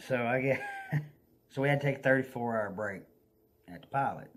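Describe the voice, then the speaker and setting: Here the Southern US vlogger is brisk, his medium-pitched voice rattling through a folksy, animated anecdote punctuated by laughter.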